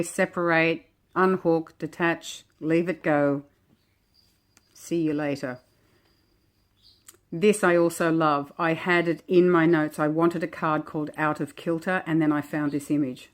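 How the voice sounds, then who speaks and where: Woman kinda low voice, chatting gently thru her oracle cards, reflective and easygoing. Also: steady tone, unhurried. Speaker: oracle deck creator. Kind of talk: casual walk-through of oracle cards.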